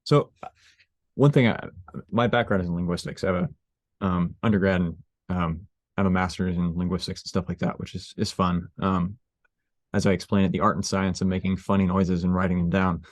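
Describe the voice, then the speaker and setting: A man with a low voice, hosting a casual interview. He talks in a relaxed, chatty way and thinks out loud with plenty of fillers. The recording is dry and close. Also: fairly quick, no room sound. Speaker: interviewer, host.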